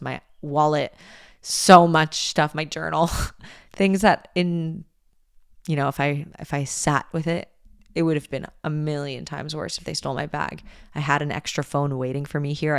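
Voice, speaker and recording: A young woman hosting a podcast, telling a personal story in a candid, animated way and swearing freely. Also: low-pitched, gravelly, smooth, no room sound, clean studio sound. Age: young adult. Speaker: podcast host. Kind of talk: casual storytelling monologue.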